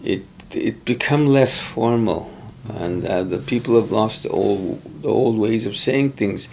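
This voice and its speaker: Brief: middle-aged man, gravelly, unhurried, thoughtful interviewee. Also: on the low side, darkish tone, slight background noise. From Pimicikamak Cree Nation, Canada. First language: Cree. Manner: measured, thoughtful, pauses often to find words. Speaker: interviewee, former Cree teacher. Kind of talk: conversational interview.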